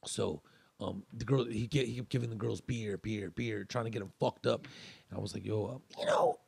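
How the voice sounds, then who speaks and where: A man's voice: lowish voice, fairly even intonation, brisk, gravelly, darkish tone, husky, no echo. A male comedian telling a rambling story in casual chat, restarting sentences and acting out what others said. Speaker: comedian guest.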